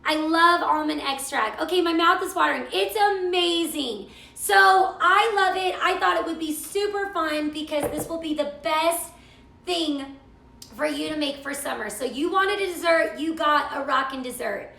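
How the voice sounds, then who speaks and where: A woman's voice: very high-pitched, normal speed, creaky, sharp tone, echoey room. A middle-aged woman hosting a live cooking stream, chatting and gushing while she reads viewer comments. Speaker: cooking show host.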